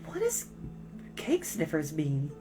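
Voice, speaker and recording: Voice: medium pitch, wildly swooping pitch, slow, music in the background. A reader playing puzzled teenage girl Violet. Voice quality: puzzled, soft. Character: earnest inventive teenage girl.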